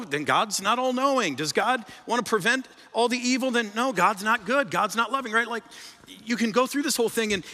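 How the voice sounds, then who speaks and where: Bright-voiced pastor preaching in an echoing hall. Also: male voice. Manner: conversational, rises in pitch and volume for emphasis, repeats words. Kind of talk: sermon. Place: church sanctuary. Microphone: stage microphone. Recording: long reverb of a large hall.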